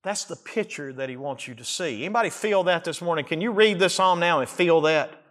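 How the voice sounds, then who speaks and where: A man preaching a sermon as a pastor, rising to near-shouts and dropping low as he voices the psalmist's cries. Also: expressive, a little fast. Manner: acts out the psalmist's cries in first person.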